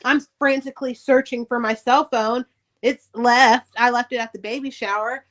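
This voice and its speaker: A middle-aged woman, an author on a podcast, candidly telling her life story in casual, profane, animated speech. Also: fairly high pitch, normal speed.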